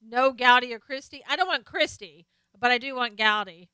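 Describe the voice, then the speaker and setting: A woman's voice: on the high side, moderate pace, sharp tone, clean tone, dry recording. A woman hosting a live stream, casually chatting about politics and answering viewer comments as she reads them out. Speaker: live stream host reading chat.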